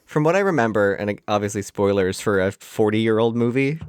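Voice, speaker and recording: A man's voice: lowish voice, animated, brisk, clear, resonant tone, no echo, studio quality. A man co-hosting a casual podcast chat, talking hesitantly with lots of "like" fillers. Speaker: podcast co-host.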